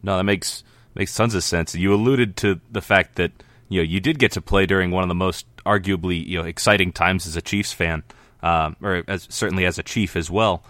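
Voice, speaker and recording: A man hosting a podcast, his voice very low and deep, recorded close and dry with no room sound. He builds his questions slowly, winding through fillers and asides before getting to the point. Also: steady tone, fairly bright tone, no room sound. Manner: long rambling questions with fillers. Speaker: podcast host. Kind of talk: casual interview questions.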